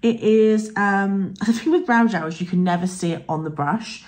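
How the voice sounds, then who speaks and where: A young woman talks her viewers through a makeup routine in a casual vlogger chat. Her voice still has some morning roughness. She speaks in a friendly, rambling way with frequent fillers and asides. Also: medium pitch, normal speed, a little mellow. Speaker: beauty vlogger.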